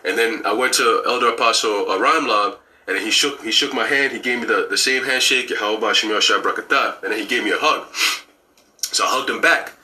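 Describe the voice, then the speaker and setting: A man telling a dream story in a slangy, animated way, acting out what people said. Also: on the low side, a little fast. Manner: slangy and animated, acts out quoted lines. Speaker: church member telling a dream. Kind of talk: casual storytelling.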